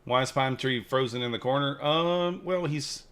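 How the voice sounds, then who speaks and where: A man's voice: mid-range voice, normal speed, fairly bright tone, clear, resonant tone. A man chatting casually and joking with viewers while streaming his trading. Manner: rambling, joking with chat viewers. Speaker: futures trading live streamer. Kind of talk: casual live-stream chat.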